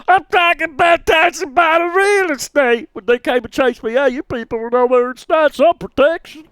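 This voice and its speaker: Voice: sits high, moderate pace, fairly bright tone, no room sound. A co-streamer who reads a game's dialogue aloud with jokey asides. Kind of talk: let's play with voiced dialogue.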